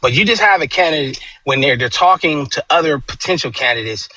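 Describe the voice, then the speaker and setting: A man's voice: a little high, animated, brisk, sharp tone, slight background noise. A man talking politics in an emphatic, profane way, stumbling over restarts before landing his point. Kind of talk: casual political chat.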